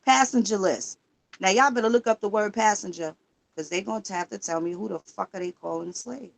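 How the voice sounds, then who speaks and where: A woman's voice: mid-range voice, brisk, gravelly. A woman livestreaming in casual talk, emphatic and profane, firing rhetorical questions while she searches records online. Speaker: livestream host.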